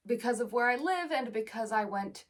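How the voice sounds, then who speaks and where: A woman's voice: on the high side, animated, moderate pace, far from the mic. A young American woman with a standard American accent, chatting casually in a vlog with rambling, self-deprecating asides. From United States. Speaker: actor.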